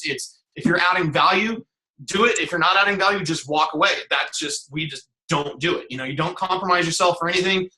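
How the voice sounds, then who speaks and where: Middle-aged guy on a zoom call, kinda high voice, rambles a lot and swears, echoey room. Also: pushed and bright. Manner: rambling, with many fillers and restarts; blunt, swears casually. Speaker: guest speaker, business coach. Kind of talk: casual motivational talk on a video call. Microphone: video call.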